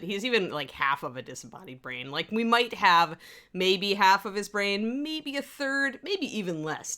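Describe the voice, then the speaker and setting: Bright, chatty woman streamer, lowish voice. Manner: chatty and rambling, often laughing, reads out chat messages. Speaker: livestream host. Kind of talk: casual chat on a hobby livestream.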